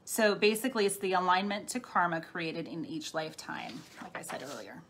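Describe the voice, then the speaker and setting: A woman's voice: lowish voice, animated, a little fast, fairly bright tone, slight background noise. A middle-aged woman talking casually on a live stream as a spiritual healer, chatty and laughing often as she answers viewer comments. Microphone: phone or webcam.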